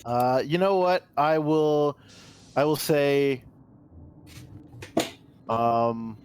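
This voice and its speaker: A man's voice: fairly high pitch, drawn-out words, a little mellow, a little hiss or hum. A man playing in a tabletop game, talking hesitantly with many restarts and fillers. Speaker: player.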